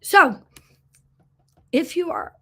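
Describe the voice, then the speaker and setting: A woman's voice: high-pitched, huge pitch swings, extremely slow, creaky, fairly bright tone. A woman in her thirties hosting a casual livestream as a business coach, talking earnestly with fillers and restarts and answering viewer comments. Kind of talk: casual livestream sales pitch.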